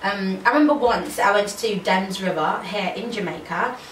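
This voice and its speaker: A breezy, chatty posh British lady, as a woman puts the accent on. She sounds self-aware and talks at an even middle pitch. The room is echoey, she sits back from the mic, and there is a faint hum of ambient noise. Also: moderate pace, distant mic, lightly acted. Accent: put-on British.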